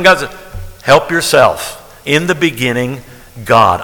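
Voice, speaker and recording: Bright-voiced preacher in an echoey hall. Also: male voice, mid-range voice, expressive, unhurried. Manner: conversational preaching, repeating phrases for emphasis. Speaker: pastor. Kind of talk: sermon.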